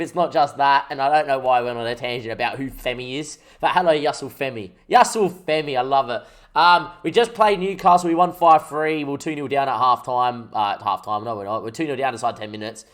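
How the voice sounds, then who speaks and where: A young man hosting his gaming channel, chatting casually and jokily as he thinks out loud over gameplay. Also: mid-range voice. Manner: rambling, jokey, thinks aloud while playing.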